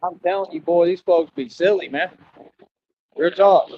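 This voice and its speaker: Addressing his viewers in a ranting monologue, this young live streamer speaks with an American country accent in a high, steady voice at normal speed. His tone is brash and preachy, and the lo-fi stream audio is dull with faint noise.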